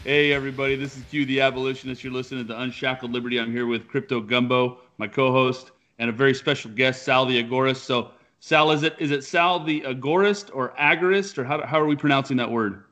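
A man's voice: medium pitch, fairly even intonation, fast talker, few pauses, fairly bright tone. A man hosting a podcast from his living room, chatting casually in loose, rambling sentences. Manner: rambling, talks in loose restarts. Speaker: podcast host.

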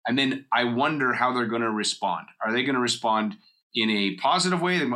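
A man's voice: mid-range voice, a little fast, sharp tone. A middle-aged man hosting a solo coaching podcast, explaining ideas conversationally and acting out everyday quotes. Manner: conversational, uses personal stories and acted-out quotes.

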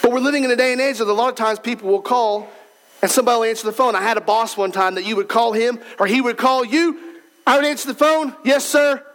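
A man's voice: very high-pitched, fairly even intonation, fast talker, fairly bright tone, slight background noise, poor audio. A man preaching a sermon as pastor, in a conversational, emphatic way, speaking straight to the congregation in a church.

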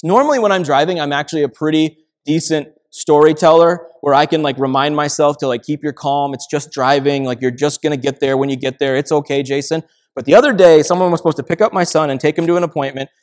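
A man preaching a sermon as pastor, telling everyday stories in a conversational way. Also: a little high. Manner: conversational storytelling with acted quotes.

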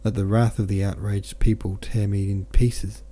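A man's voice: on the low side, little pitch movement, moderate pace, warm tone, natural voice. A man voicing a wizened old broker who speaks in a theatrical, grandiose way in an audiobook reading.

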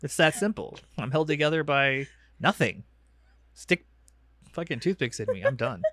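A man chatting on a podcast with a sardonic, self-deprecating bite and a habit of cursing. His pitch moves a lot as he talks. The sound is close and dry, with no room in it. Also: lively intonation, moderate pace, sharp tone, dry recording. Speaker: podcast co-host. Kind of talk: casual chat.

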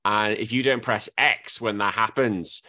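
Animated podcast host, man. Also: measured pace, no room sound, studio quality. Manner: animated, jumps into high-pitched impressions. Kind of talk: casual chat.

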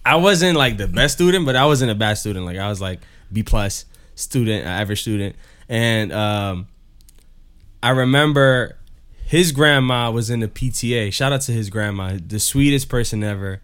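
A man's voice: on the low side, moderate pace, a bit bright, clear, resonant tone. A young man co-hosting a podcast, telling stories in casual chat and breaking into laughter often. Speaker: podcast co-host.

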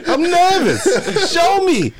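Squeaky nervous falsetto. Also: male voice, wildly swooping pitch, slow, a loud crowd, full character voice. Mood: nervous squeal.

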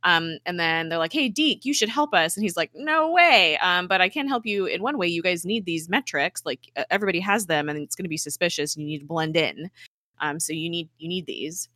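A woman with a bright, forceful voice that sits a little low, chatting casually through a recap of a show. She keeps slipping into the characters' lines and leans on "like" as a filler. The recording is dry and close, with no room sound. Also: a little fast, no echo. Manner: chatty retelling, acts out dialogue, many "like" fillers. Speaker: podcast host recapping a TV episode. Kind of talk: casual chat.

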